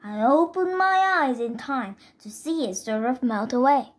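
A woman reading a children's chapter book aloud in careful, steady first-person narration. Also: sits high, measured pace. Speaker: reader.

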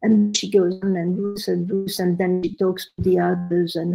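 Older woman, gravelly low voice. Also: moderate pace, few pauses, faint music behind, poor audio. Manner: animated storyteller, quotes others with rising emphasis. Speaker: podcast guest. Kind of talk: storytelling in conversation.

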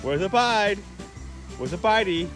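Filming a warehouse-store shopping trip with his toddler, a vlogger dad speaks in a high, fairly bright voice with lively intonation, a little slowly. His casual family chat is playful, sing-song baby talk full of laughter, with background music under it.

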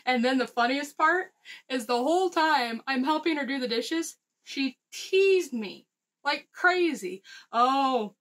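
Chatty American woman, a touch high. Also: expressive, a bit bright, poor audio. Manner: chatty storyteller, quick asides and laughs. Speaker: vlog co-host. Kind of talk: casual chat tasting snacks.

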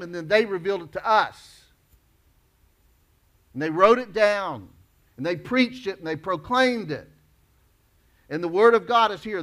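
Emphatic preacher man. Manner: emphatic, rises to loud declarations then drops low. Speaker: pastor. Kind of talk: sermon.

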